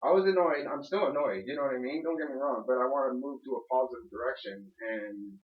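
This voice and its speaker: A man's voice: medium pitch, fast, reverberant, phone-quality sound. A man, a tenant, rambling and swearing as he airs complaints, repeatedly asking "you know what I mean". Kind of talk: heated casual conversation. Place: apartment, indoors.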